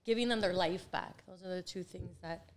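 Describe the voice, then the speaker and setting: A woman's voice: on the low side, a little fast. A woman in her forties, a real estate coach, chatting as an interview guest and laughing often while she tells stories. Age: 40s. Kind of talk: casual interview chat.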